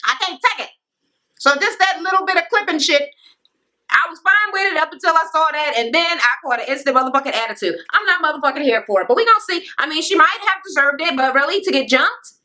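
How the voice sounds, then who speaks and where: A woman's voice: high voice, lively intonation, fast talker, bright, forceful tone. A woman giving a blunt, profane, sassy rant recapping a reality show.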